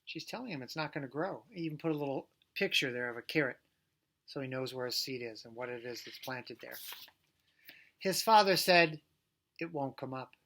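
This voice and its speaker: A male preschool teacher talking gently and playfully to young children, singing a silly song and reading a picture book aloud. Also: medium pitch, expressive, brisk, vocal fry. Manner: gentle, playful, talks directly to young kids.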